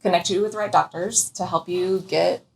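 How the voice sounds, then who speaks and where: A woman thermographer speaking calmly and reassuringly in a casual discussion. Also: lowish voice, moderate pace, vocal fry, low-quality recording. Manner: reassuring, calming. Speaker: clinical thermographer.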